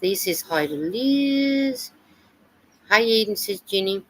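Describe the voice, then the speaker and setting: A woman's voice: mid-range voice, expressive, slow, fairly bright tone, slight background noise, poor audio. An Australian woman hosting a live stream, chatting casually and reading out viewer comments and weather reports. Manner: chatty, reads comments and weather aloud with fillers.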